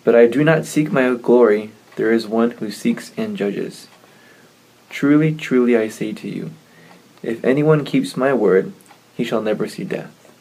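A man in a Bible study who reads scripture aloud in a measured, solemn way. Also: medium pitch, vocal fry, a little mellow, poor audio.

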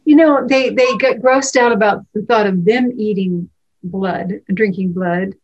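A woman joins a Bible conversation with questions and animated remarks. Her voice comes through dull and lo-fi, with a dry sound and no room echo. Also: mid-range voice, unhurried. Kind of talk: casual Bible discussion.

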